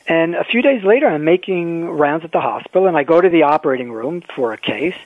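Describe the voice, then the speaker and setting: A man, an orthopedic surgeon, telling wry stories in a measured way as a guest in an interview. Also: on the high side, lively intonation, no echo. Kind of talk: phone-in interview, storytelling. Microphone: telephone. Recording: tinny phone line.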